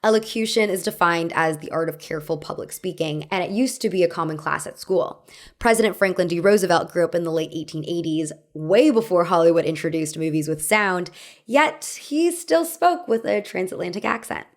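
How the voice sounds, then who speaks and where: A woman's voice: lowish voice, fairly quick. A young woman hosting a scripted video essay, with a wry, conversational delivery and asides that make her laugh.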